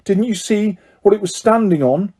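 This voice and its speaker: A man's voice: high-pitched, normal speed, dark tone, voice pushed up. A man voicing a bossy know-it-all schoolgirl who lectures her friends sharply. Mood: breathless, bossy.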